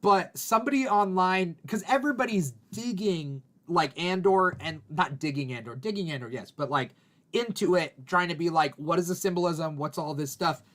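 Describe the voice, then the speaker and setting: A man hosting a podcast, talking loosely and swearing casually in a relaxed chat with his cohosts. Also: sits high, normal speed. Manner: loose and conversational, heavy on fillers and swearing. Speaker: podcast host.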